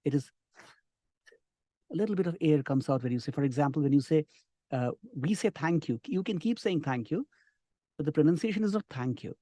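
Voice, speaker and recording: A middle-aged man, teaching an online spoken class with lively, encouraging emphasis. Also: fairly high pitch, no echo, studio quality. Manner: lively, encouraging, lots of emphasis and drawn-out words. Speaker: English communication trainer.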